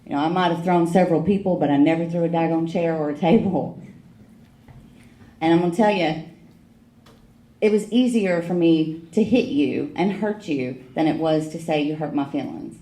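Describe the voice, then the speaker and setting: Low, mellow-voiced middle-aged woman speaker for a recovery meeting, frank and wry, in an echoey hall. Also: moderate pace. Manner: frank, wry storytelling with emotional emphasis. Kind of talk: personal recovery story told to a meeting.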